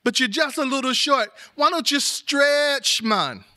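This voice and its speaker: A sly male spider trickster, put on by a man, talks in a coaxing lilt. The voice sits high and rings bright, and he plays every line like a sweet-talking schemer from a storybook. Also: a little slow, full character voice. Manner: crafty, coaxing, ends phrases with "man".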